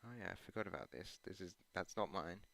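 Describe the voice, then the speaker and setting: Low-voiced man rambling over gameplay. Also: fast, creaky, fairly bright tone. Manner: meandering and hesitant, with many ums and uhs; self-deprecating asides. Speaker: gaming channel host. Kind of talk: rambling commentary while playing a video game.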